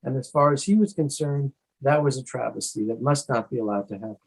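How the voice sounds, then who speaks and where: A man speaking as the author in an interview over a video call, giving measured, earnest answers with frequent pauses and restarts. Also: mid-range voice, creaky, slightly rough, rough recording.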